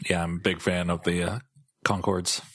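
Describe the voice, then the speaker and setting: A man speaking in a casual podcast chat, unhurried and matter-of-fact, often stopping on an "uh". His voice sits low. The recording is dry and close. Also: level tone, fairly bright tone, husky, no room sound. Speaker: podcast co-host.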